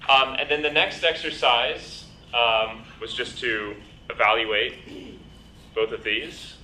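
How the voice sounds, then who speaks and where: A man lecturing a programming bootcamp, walking through code on the fly. His voice is bright and forward, his delivery chatty and full of ums. The recording carries the echo of a lecture room and a faint hiss underneath. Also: medium pitch, fairly even intonation, takes it slowly. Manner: explains with many ums and you-knows, asks "right?". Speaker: bootcamp instructor. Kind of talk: live lecture with coding demo. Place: lecture hall.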